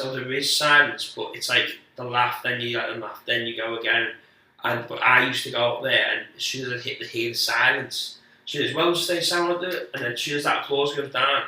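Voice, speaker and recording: A man tells loose, profane anecdotes and laughs at himself as a podcast guest. His tone is piercingly bright. He sounds a little distant from the microphone in a strongly echoing room. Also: mid-range voice. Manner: rambling, sweary anecdotes with quick self-mocking asides. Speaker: guest comedian. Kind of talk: casual podcast storytelling. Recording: echoey room, speaker distant from the mic.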